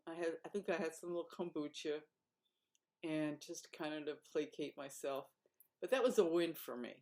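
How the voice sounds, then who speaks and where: A woman with a low voice talks through her day in a casual vlog diary. She rambles, stops to correct herself and muses as she goes. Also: darkish tone. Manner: rambling, self-correcting, reflective. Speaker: vlogger.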